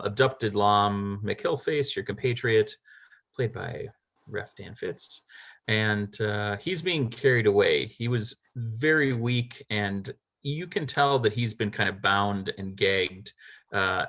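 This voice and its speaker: A man's voice: on the low side, fairly bright tone. A man narrating a tabletop game as game master, rambling with lots of fillers and small laughs.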